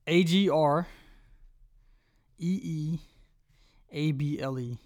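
A young man from North Carolina co-hosting a casual podcast chat, telling animated, slangy stories and acting out voices. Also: fairly high pitch, takes it slowly. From Charlotte, North Carolina. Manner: slangy, profane. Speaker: podcast co-host.

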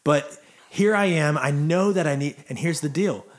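A man's voice: on the high side, normal speed. A man in his forties who hosts a faith conversation and writes church songs. He speaks in an upbeat, encouraging, conversational way. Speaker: host, church songwriter.

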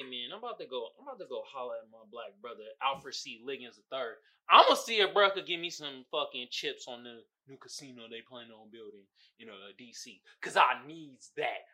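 A man hosting a casual solo podcast, talking loudly and profanely, often laughing and shouting exclamations. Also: sits high, background noise. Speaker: podcast host.

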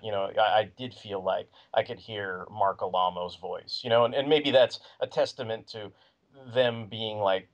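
Rambling low-voiced man on a podcast. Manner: rambling, filler-heavy talk. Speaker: podcast co-host. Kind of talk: casual chat. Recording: muffled lo-fi recording.

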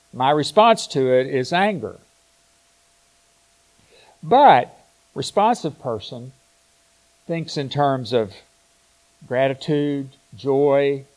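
A man delivering a sermon at a slow, deliberate pace. He thinks aloud, pausing and restarting phrases as he reaches for words. His voice sits at an ordinary middle pitch. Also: a little mellow, rough recording. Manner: slow, reflective, with frequent restarts and pauses.

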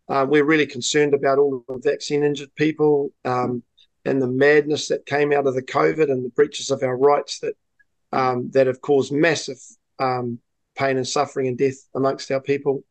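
A man's voice: medium pitch, flat delivery, moderate pace, no room sound, poor audio. A man from New Zealand with a New Zealand accent, giving a political interview as a party leader, earnest and full of fillers and restarts.

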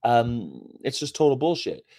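A man's voice: mid-range voice, very animated, unhurried, mellow. A man hosting a casual livestream, chatting and reading out history items in a rambling, profane way. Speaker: host.

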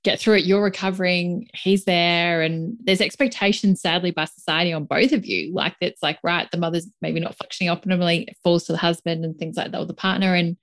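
A woman's voice: lowish voice, steady tone, a little fast, few pauses, dry recording. A woman interviewer who affirms her guest and then adds a thoughtful comment of her own. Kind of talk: casual interview talk.

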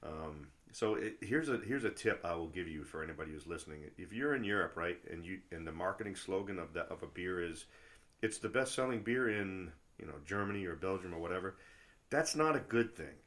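A man's voice: low voice, animated, brisk. A middle-aged man chatting casually as a travel vlogger, rambling through stories with lots of fillers and restarts and getting worked up when he rants. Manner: gets loud and worked up when ranting. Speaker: travel vlogger and tour guide. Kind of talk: casual chat.

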